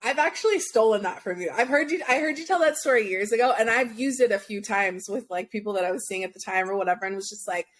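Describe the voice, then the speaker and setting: A young adult woman interviewing in a relaxed, reflective conversational way, with a lot of "like". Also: medium pitch, fast, few pauses. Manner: relaxed, reflective, uses lots of "like". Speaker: podcast interviewer.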